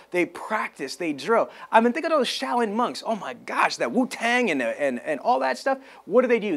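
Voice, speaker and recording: A man giving a motivational sales training talk, with a high-energy, hyped delivery and excited shouts.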